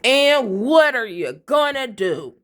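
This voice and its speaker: A woman's voice: fairly high pitch, sing-song, slow, fairly bright tone, a little hiss or hum. A woman giving a fiery, profane tarot reading, blunt and defiant. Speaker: tarot reader.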